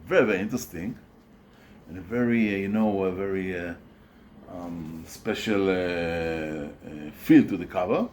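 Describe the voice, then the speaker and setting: A man showing records from his collection in a casual video, halting often with fillers and restarts. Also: low-pitched, darkish tone, a little hiss or hum. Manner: hesitant, many fillers and restarts. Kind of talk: casual show-and-tell video.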